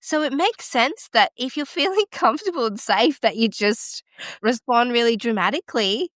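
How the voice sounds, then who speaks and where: A woman's voice: on the high side, animated, moderate pace, a bit bright, no echo, clean studio sound. Enthusiastic woman podcast host. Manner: enthusiastic and affirming. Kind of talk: casual interview chat.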